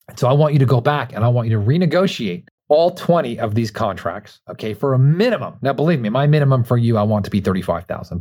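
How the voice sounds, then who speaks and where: A man's voice: medium pitch, mellow. A man hosting a podcast, giving a motivational business talk in an emphatic way, repeating words for stress and shifting his pace a lot. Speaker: podcast host and coach.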